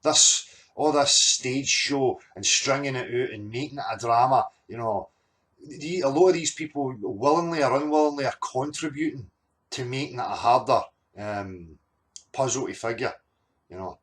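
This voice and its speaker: A man's voice: medium pitch, normal speed, fairly bright tone. A man, hosting a monologue and arguing his point emphatically, with many fillers and repeated words. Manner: argumentative, repetitive fillers, emphatic. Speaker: channel host. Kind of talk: monologue reacting to clips.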